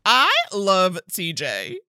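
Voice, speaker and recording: A woman co-hosting a podcast, chatting casually about a film, animated, laughing often and acting out characters' lines. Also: lowish voice, slow pace, slight background noise. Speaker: podcast co-host. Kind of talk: casual chat recapping a film.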